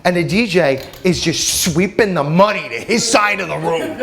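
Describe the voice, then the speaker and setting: A man from New Jersey performing a stand-up comedy set in a comedy club, animated and breaking into shouted, high-pitched quotes. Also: moderate pace, crowd noise, background noise. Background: audience laughter.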